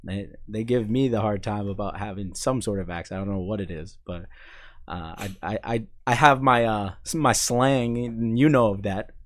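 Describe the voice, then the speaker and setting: A young man from Chicago who grew up in Maine, chatting casually as an interview guest, full of fillers and restarts and quick to laugh. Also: on the low side. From Chicago, raised in Maine. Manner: halting, many fillers and restarts, laughs easily. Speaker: sports information staff, podcast guest.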